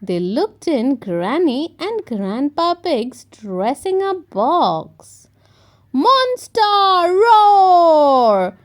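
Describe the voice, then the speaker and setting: A woman reading a children's picture book aloud, slowly and expressively for young listeners. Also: high voice, sing-song, darkish tone. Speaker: storyteller. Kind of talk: children's story read-aloud.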